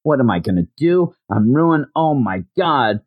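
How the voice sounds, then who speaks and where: A frantic, dreamy teenage boy, lurching between panic and glee, as a man acts him out in a lively, swooping voice. It sounds close and dry, with no room around it. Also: medium pitch, slightly rough, dry recording, phone-quality sound. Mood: panicked. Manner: frantic, self-doubting, quick bursts. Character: flustered teenage boy, dreamy manga hopeful.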